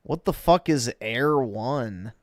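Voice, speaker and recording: Slow, sardonic male streamer. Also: medium pitch, animated, dry recording, studio quality. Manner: slow, sardonic, blunt reactions. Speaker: livestreamer. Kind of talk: casual reaction commentary.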